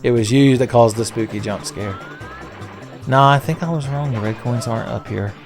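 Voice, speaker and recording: A man's voice: medium pitch, normal speed, music in the background. A man hosting a casual let's-play video, rambling with sarcastic, profane jokes. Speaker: gaming video host.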